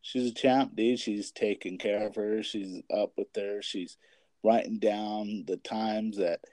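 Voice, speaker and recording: A man's voice: on the low side, fairly even intonation, measured pace, mellow, dry recording. A young man in casual chat, rambling with lots of filler words and swearing as he talks about his family. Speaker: parent and kids' basketball coach.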